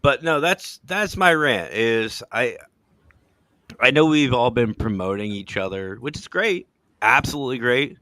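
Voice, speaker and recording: Bright-voiced, easygoing male podcast host. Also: medium pitch, lively intonation, a little slow, no room sound. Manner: laid-back, swearing, laughing storyteller. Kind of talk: casual chat.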